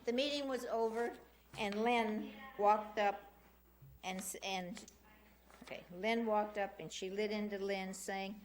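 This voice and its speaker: A woman's voice: medium pitch, steady tone, a little slow. A woman giving a public comment at a city council meeting, insistently recounting an incident in detail from a podium microphone.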